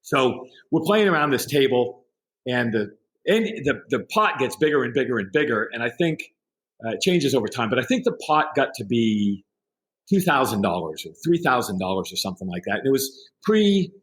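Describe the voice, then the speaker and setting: Man, middle-aged, storytelling guest, casual chat, quotes others animatedly, average pitch. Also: moderate pace. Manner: animated anecdote-telling with quoted voices. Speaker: podcast guest.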